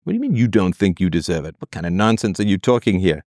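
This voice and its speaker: A man's voice: low-pitched, sing-song, fast, a little mellow, dry recording, studio quality. A man hosting an advice show, answering a listener's letter in a blunt, sarcastic, profane monologue.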